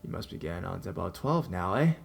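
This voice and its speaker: A man voicing a drunk older man on the phone, wheezing, slurred and rasping, with slow, drawn-out speech. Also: low voice, very animated, heavily acted. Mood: slurring, leering.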